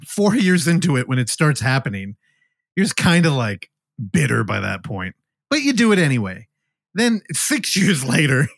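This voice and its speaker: Lively rambling man reviewing a movie. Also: a little high, no room sound, studio quality. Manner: rambling, jokey, acts out characters' lines. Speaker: podcast co-host. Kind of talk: casual podcast film review.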